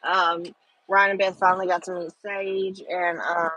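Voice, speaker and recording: A woman's voice: fairly low pitch, flat delivery, unhurried, sharp tone, low-quality recording. A middle-aged woman, chatting with viewers on a casual livestream and rambling with lots of fillers. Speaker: livestream host.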